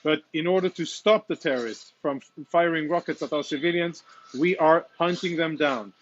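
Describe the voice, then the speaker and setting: A man speaking as a military spokesman, reporting live and earnestly from inside a damaged apartment, audibly emotional with halting restarts. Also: fairly high pitch, muffled recording. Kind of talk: live walk-through report.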